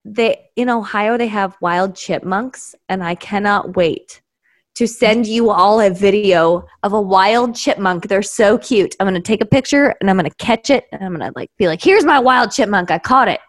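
A tipsy woman from Oklahoma who co-hosts a podcast and chats on a video call in an excitable, rambling, dramatic way. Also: medium pitch, normal speed. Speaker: podcast cohost. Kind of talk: casual chat.

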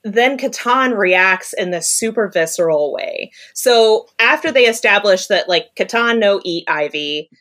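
A woman's voice: medium pitch, lively intonation, measured pace, hardly any pauses, fairly bright tone. A woman co-hosting a casual book-chat podcast, explaining details in a chatty way and laughing often. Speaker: podcast co-host.

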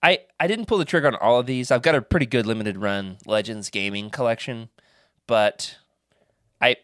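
Male podcast co-host, mid-pitched, chatty storyteller who acts out quotes, dry close sound. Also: no room sound. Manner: rambling anecdotes with restarts and animated quoted voices. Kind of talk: casual chat.

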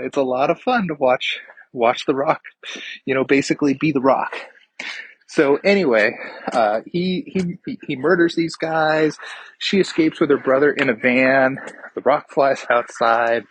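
A man's voice: medium pitch, a bit bright, slight background noise, poor audio. A man recapping a movie plot in a casual, rambling way, swearing freely and trailing off into fillers and restarts. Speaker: podcast movie reviewer.

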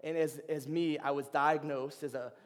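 Young man, high voice, chatty animated storyteller, long hall reverb. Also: moderate pace. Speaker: ministry speaker. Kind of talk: informal sermon with personal stories.

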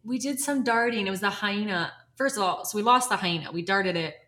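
A young woman telling animated, laughing stories as a guest on a casual podcast, often quoting what people said. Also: mid-range voice, fairly quick. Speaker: guest, wildlife filmmaker.

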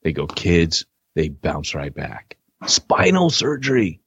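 A man's voice: extremely low pitch, slow, vocal fry, slightly rough, no room sound, highs cut off. A middle-aged man co-hosting a podcast, chatting casually and teasing his partner with jokes. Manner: joking, teasing, lively storyteller. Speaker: podcast co-host. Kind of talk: casual chat.

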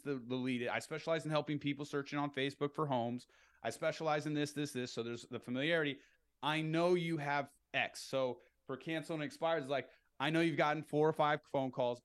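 Podcast guest, middle-aged man, lively storyteller, slips into upbeat phone voices, slightly higher pitch. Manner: animated, acts out phone calls in upbeat voices. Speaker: real estate entrepreneur guest. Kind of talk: podcast interview, explaining sales tactics.

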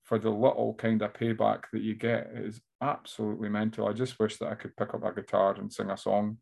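A man with an Aberdonian Scottish accent, a stand-up comedian telling animated stories as an interview guest. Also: fairly low pitch, a little fast, gravelly. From Scotland. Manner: animated storyteller who slips into voices. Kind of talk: casual interview chat.

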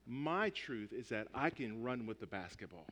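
Man doing a stubborn basketball player, deep low mutter, dismissive, quiet, long hall reverb. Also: very animated, normal speed. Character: stubborn male basketball player insisting on his own rules.

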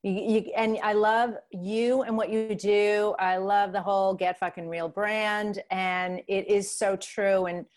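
A woman's voice: medium pitch, level tone, a little slow, hardly any pauses. A middle-aged woman with a New York accent, a guest on a podcast, talking candidly and openly. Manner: candid, warm, straightforward. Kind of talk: casual interview chat.

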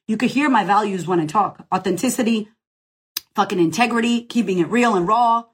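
A woman's voice: fairly high pitch, fairly quick, slightly rough. A woman business coach answering questions in a casual live Q&A, blunt, profane and emphatic, rallying the listener directly.

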